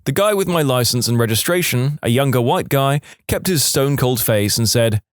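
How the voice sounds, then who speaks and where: A man reads real-life stories aloud with a wry tone, his pitch rising and falling freely. He is recorded on a close, dry mic with no room sound. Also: expressive, moderate pace, dry recording. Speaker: story narrator. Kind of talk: reading online stories aloud.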